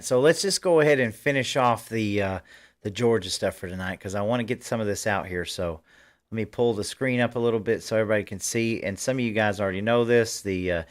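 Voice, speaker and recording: A man hosting a political commentary livestream, talking fervently in rambling bursts with frequent restarts. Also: fairly low pitch. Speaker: host.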